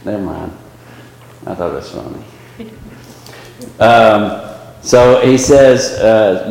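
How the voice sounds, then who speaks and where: A man's voice: medium pitch, animated, a little slow, pauses often, a little mellow. A man leading a small Bible study class, talking casually with many fillers and restarts. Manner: conversational, with frequent fillers and restarts. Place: church classroom with a small group. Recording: very echoey room.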